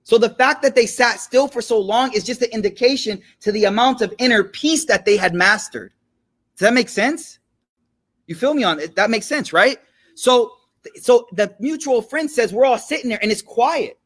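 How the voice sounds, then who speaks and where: A man giving a relaxed religious lesson, telling a story in slangy everyday talk and often checking that his listeners follow. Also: very high voice, moderate pace. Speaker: religious teacher. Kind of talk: casual storytelling lecture.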